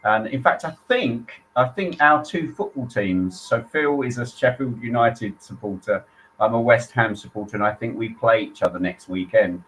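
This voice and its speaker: A man's voice: medium pitch, normal speed, a bit bright, poor audio. Easygoing man, faint noise. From England. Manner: easygoing, chuckling, modest. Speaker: band member guest. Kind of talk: casual chat on a live stream.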